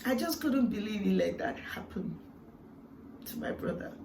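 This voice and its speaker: A woman's voice: medium pitch, very animated, normal speed, creaky. Woman vlogger, heartfelt storytelling, reflective with emotional peaks; roomy, distant mic sound with faint background hiss. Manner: earnest and reflective, with emotional swells and hushed moments. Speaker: vlogger sharing a personal testimony.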